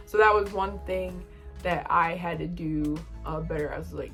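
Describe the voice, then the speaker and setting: A young woman vlogging, telling a casual story from college and quoting people in animated bursts. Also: on the low side, fairly quick, faint music behind. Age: young adult.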